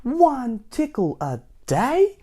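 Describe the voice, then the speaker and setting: A man voicing a mischievous long-armed male storybook character, with a squealing, drawn-out whine. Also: high voice, sing-song, creaky, mellow, voice pushed up, full character voice. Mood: dismayed.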